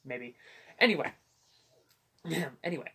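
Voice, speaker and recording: A man's voice: a little high, animated, a little slow, sharp tone, breathy edge. A young man hosting a casual comic book movie review, joking and rambling with self-deprecating asides. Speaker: host.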